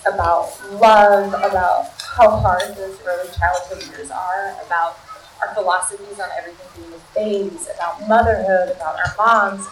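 A woman in her thirties telling a personal story to an audience in a chatty, animated way, full of "like". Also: medium pitch, echoey room, distant mic, low-quality recording. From United States (Maryland). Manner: chatty, animated, heavy use of "like".

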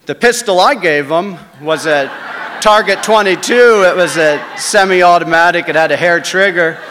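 Bright-voiced man telling a story. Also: high-pitched, normal speed, in a large hall, slight background noise. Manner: swings between hushed asides and loud dramatic beats. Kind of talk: live first-person storytelling.

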